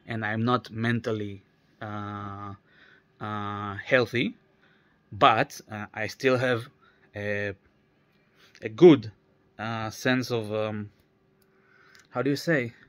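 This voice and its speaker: A man's voice: lowish voice, steady tone, takes it slowly, pauses often, a bit bright. Tired man rambling in a casual vlog. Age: 30s. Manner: meandering, many fillers and restarts, trails off. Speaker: vlogger.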